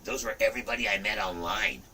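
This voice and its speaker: A man in his fifties hosting a livestream, chatting casually in an animated, rambling way, often saying "look" and "you know". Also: lowish voice, fast, far from the mic, a little hiss or hum, low-quality recording. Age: 50s. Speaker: livestream host.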